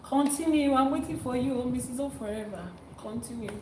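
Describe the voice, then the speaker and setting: A woman's voice: high voice, brisk, background noise. A woman leading a live-streamed spiritual session as an Ifa priestess, coaxing and teasing her guest and chanting prayers. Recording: roomy sound from a distant mic.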